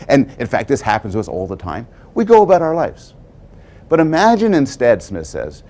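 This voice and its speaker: A man's voice: fairly low pitch, a little mellow. A man giving a prepared public lecture, telling stories wryly and posing rhetorical questions.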